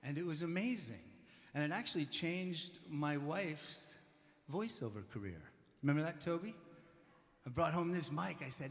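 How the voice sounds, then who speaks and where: A man's voice: fairly high pitch, expressive, moderate pace. A man giving a personal, self-deprecating storytelling tribute at a memorial. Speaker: memorial speaker. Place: church hall used as a concert venue. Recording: live in a reverberant hall.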